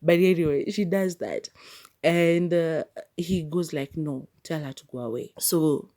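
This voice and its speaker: A woman hosting a podcast, retelling a movie plot in a chatty, animated way. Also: low-pitched, measured pace. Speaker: podcast host. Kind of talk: casual movie review.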